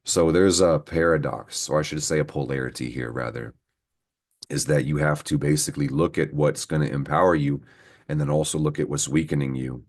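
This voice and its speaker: A man's voice: rumbling low, steady tone, fairly quick, a little mellow. A man giving a casual, profanity-laced astrology reading, rambling and venting heatedly as he talks to his viewers. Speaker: astrology reader. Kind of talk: casual horoscope reading to camera.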